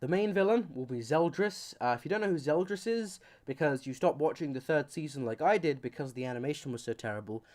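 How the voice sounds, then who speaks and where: A man's voice: on the high side, expressive, fairly quick, few pauses, a little mellow. A man giving a comedic anime commentary, rambling and joking with goofy asides. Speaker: YouTuber.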